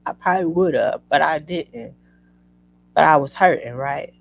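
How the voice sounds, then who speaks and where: A woman hosting a show, telling a personal story to her listeners in an emotional, animated way. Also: sits low, moderate pace, creaky, faint music behind, poor audio. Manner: emotional, animated retelling addressing listeners as y'all. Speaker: host.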